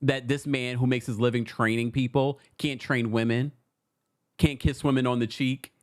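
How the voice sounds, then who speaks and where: A man hosting a casual pop culture gossip show, animated and sassy, laughing often as he comments. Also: mid-range voice, moderate pace.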